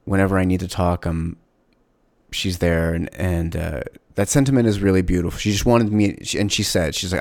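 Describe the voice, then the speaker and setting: A man with a very low, gravelly voice talks on his own podcast in a candid, reflective way. He often stops and restarts mid-sentence. The sound is dry and close. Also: fairly even intonation, a little fast, darkish tone, no echo. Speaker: podcast host. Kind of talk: casual solo podcast monologue.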